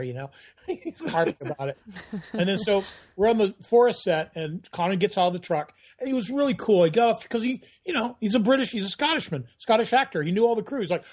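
A man's voice: high voice, quick pace. A middle-aged man, a guest actor, telling stories in a casual podcast chat and slipping into voices as he goes. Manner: animated storyteller, doing voices in anecdotes.

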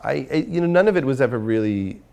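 A man's voice: mid-range voice, lively intonation, quick pace, creaky, darkish tone. A man speaking as an interview guest, a filmmaker and comedian talking candidly and self-critically, thinking aloud.

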